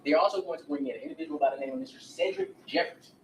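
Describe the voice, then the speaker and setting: A man's voice: high-pitched, huge pitch swings, racing, creaky, a little hiss or hum. A man giving an opening statement to a jury as a defense attorney, speaking emphatically and turning to the jurors as he retells witness accounts. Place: courtroom. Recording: roomy courtroom audio from a distance.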